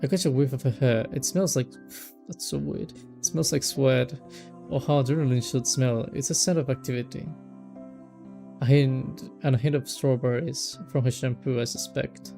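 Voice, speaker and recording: Gravelly young man reading a visual novel. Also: mid-range voice, steady tone, moderate pace, mellow, soft background music. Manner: reads narration aloud, stumbles and rereads lines, breaks off with casual remarks. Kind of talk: let's play reading with asides.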